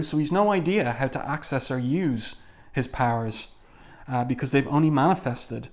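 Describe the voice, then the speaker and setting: A man talks casually through a comic, pausing often with hesitant fillers while he describes each scene. His voice sits at an ordinary middle pitch for a man. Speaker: comic book reviewer. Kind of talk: casual commentary.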